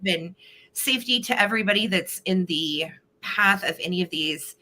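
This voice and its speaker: A woman's voice: fairly low pitch, normal speed, bright, forceful tone. Bubbly woman hosting a live sale. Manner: bubbly, greets viewers by name. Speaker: host of a live online vintage sale. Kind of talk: casual live-stream chat.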